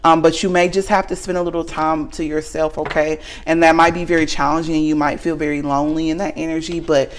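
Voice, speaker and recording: A woman's voice: deep voice, little pitch movement, fast talker, few pauses, slight background noise. A woman with a Southern US accent giving a casual tarot reading straight to the viewer, frank and earnest, ending almost every sentence with a questioning "okay?". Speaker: tarot reader.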